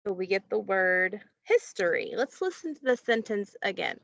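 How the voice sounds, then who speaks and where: A woman teacher giving a recorded phonics lesson to children, asking questions and pausing patiently for answers. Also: medium pitch, big pitch swings, gravelly, dry recording, dull audio. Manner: slow, patient, asks questions and pauses for answers.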